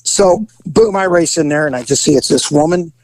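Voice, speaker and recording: A middle-aged man telling a story in casual chat, acting out voices with big jumps in pitch. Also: moderate pace, no room sound, low-quality recording.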